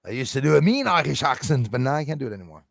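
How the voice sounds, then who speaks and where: A man's voice: medium pitch, very animated, racing, creaky, no echo, studio quality. A man chatting casually on his livestream, laughing often and reading out viewer names. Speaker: livestream host.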